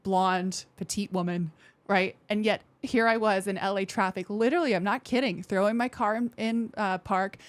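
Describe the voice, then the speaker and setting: A woman veteran speaking as a podcast guest in casual interview talk, candid and expressive, acting out quoted thoughts in lively voices and swearing now and then. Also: mid-range voice, normal speed, no echo. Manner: frank, with occasional swearing.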